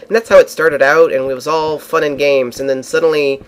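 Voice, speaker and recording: A man's voice: on the high side, steady tone, brisk, clear, resonant tone. A man casually recounting a trip with friends, rambling with frequent fillers and restarts. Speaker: vlogger. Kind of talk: casual storytelling.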